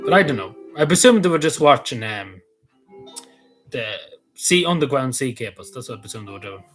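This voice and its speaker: A man's voice: medium pitch, rough recording. Rambling Irish man vlogging. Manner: rambling, hesitant, many ums and restarts, casual swearing. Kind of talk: casual rambling commentary.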